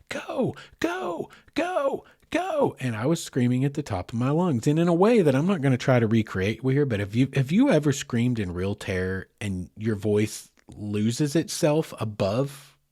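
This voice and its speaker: A husky-voiced man tells a first-person scary story on his podcast. He delivers it with animated drama, jumping from hushed tension to loud bursts and acting out the sounds. The recording is dry and close. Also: medium pitch, moderate pace, few pauses, no room sound. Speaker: podcast host.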